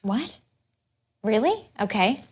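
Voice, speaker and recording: Bubbly higher-voiced woman from Canada. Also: lively intonation, takes it slowly, background noise. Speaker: voice actress guest. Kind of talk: casual interview chat. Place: hotel lobby. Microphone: field recorder.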